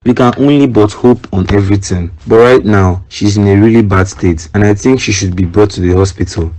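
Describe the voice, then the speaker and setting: Guy doing a serious nigerian doctor in a cartoon drama, really deep voice, calm and measured. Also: close to an everyday voice. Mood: grave. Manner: measured, grave and reassuring.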